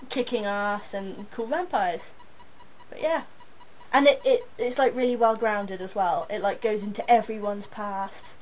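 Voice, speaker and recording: An excitable young woman gushes in a casual, rambling chat. Her voice sits a touch high. The audio is dull and lo-fi with a faint hiss. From England.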